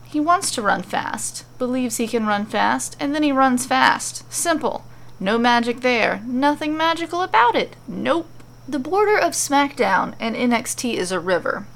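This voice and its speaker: A woman reads a playful storybook aloud. Her narration is animated and lively. Her voice sits a little high and has a gravelly, fried texture. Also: unhurried.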